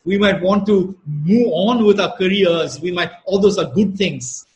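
A man preaching a sermon at a slow, emphatic pace, repeating key phrases for weight. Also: sits high, low-quality recording. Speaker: pastor.

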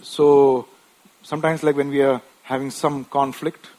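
A man's voice: medium pitch, little pitch movement, a little slow, warm tone. A man preaching a sermon in a conversational way, often tagging his points with short questions and restarting his sentences. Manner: wife mentioned.

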